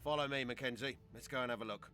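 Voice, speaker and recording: An actor playing a brisk, commanding male prison guard chief. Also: mid-range voice, over music, natural voice.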